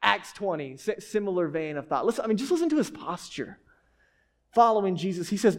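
A male pastor giving a sermon in an animated, conversational storytelling manner, dropping in frequent "like"s. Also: sits high, brisk.

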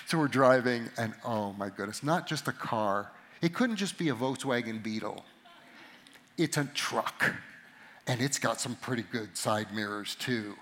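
A middle-aged man giving a sermon to a live audience, telling a story about himself with animated, self-mocking humor. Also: medium pitch, normal speed. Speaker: pastor or conference speaker.

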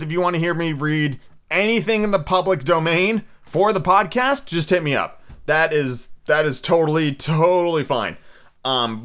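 A young man hosting a podcast reads a classic novel aloud in a casual, audiobook style, breaking off into blunt, profane, opinionated rants. His voice is on the high side, smooth, and fairly bright.

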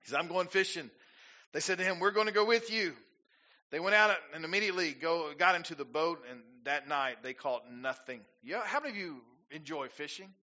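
A man's voice: fairly high pitch, brisk, pushed and bright, dull audio. A male pastor preaching a sermon, rising to emphatic peaks and asking the congregation rhetorical questions.

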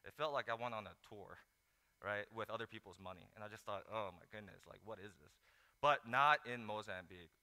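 A man preaching a sermon, telling the story with lively acted-out asides. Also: medium pitch. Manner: animated storytelling, acts out disciples in mock voices. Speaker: pastor. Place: large hall. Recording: echoey hall.

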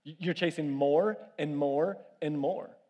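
A man preaching a sermon, telling family stories with lively animation and asking the congregation to raise their hands. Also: on the high side, unhurried. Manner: animated storytelling with audience questions. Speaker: pastor. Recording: long reverb of a large hall.

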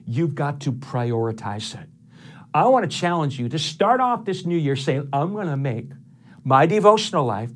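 A middle-aged male pastor preaching a sermon, stressing each numbered point with repetition. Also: on the high side.

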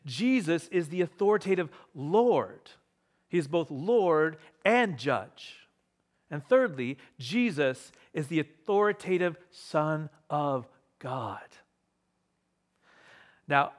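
A man preaching a sermon as pastor to a live congregation in church, emphatic, repeating key phrases and shifting pace and loudness. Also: fairly high pitch.

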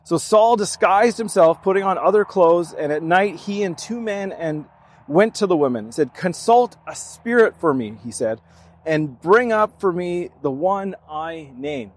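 Male preacher, slightly high voice, relaxed conversational Bible study delivery. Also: a little slow. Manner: conversational, reads scripture then explains with restarts. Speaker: pastor. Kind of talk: sermon, Bible teaching.

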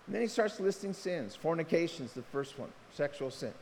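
A man preaching a sermon as pastor, impassioned, his pitch leaping up when he presses a point. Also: expressive, normal speed, darkish tone. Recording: long hall reverb, faint noise.

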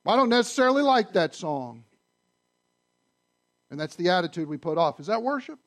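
A man preaching a sermon to his congregation, conversational and animated, often asking the audience questions. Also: sits high, normal speed. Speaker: pastor. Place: church sanctuary.

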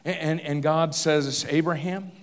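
A man's voice: on the high side, expressive, slow, big-room sound. A man preaching a sermon, retelling a story with humor in a conversational way. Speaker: pastor.

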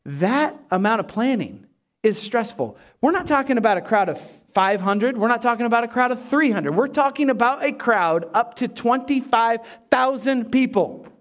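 A man preaching a sermon as pastor, animated and playful, acting out the disciples in quick asides and dropping to a hushed, slow voice for emphasis. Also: very high voice.

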